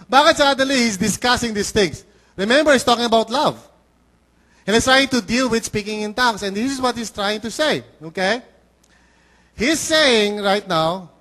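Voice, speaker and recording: A middle-aged pastor with a Filipino accent and a notably high voice delivers a lively, conversational sermon. He slips into little acted voices when he quotes people, keeping the congregation engaged. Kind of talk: bilingual sermon.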